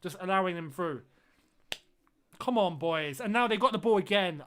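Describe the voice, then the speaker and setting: A man's voice: high-pitched, animated, normal speed, pauses often, fairly bright tone. A man streaming a football watch-along, reacting live to the match and repeating phrases as he groans and exclaims at the play.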